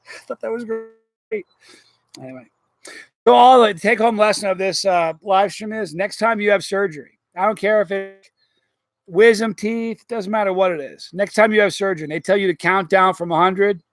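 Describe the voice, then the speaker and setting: A middle-aged man hosting a casual live stream, rambling through stories and chatting with viewers in an animated way. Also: high-pitched, moderate pace, no echo.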